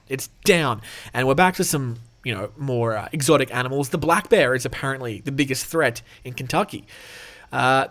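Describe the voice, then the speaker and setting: A man hosting a casual podcast, reading notes aloud with off-the-cuff asides, swearing and laughing as he goes. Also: medium pitch. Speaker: podcast host.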